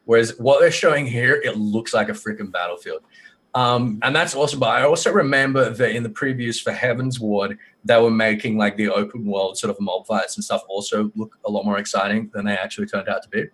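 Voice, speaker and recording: A man chatting as a guest on a gaming podcast, excitable and casual, swearing freely and filling pauses with ums. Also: fairly low pitch, slightly rough. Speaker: guest lore expert.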